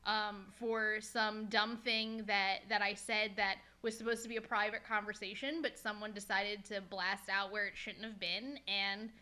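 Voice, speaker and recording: A woman's voice: mid-range voice, little pitch movement, normal speed, hardly any pauses, sharp tone, clear, resonant tone. A woman hosting a casual podcast chat, talking bluntly and swearing freely as she rants. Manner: blunt and profane, ranting. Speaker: podcast host.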